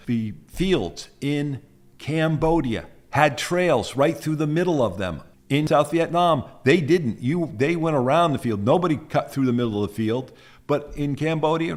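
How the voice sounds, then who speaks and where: Older male veteran, 70s, from the States; plainspoken casual storyteller, mid pitch. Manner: plainspoken, animated when recounting confrontations. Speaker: Vietnam veteran telling war stories. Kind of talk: casual first-person storytelling.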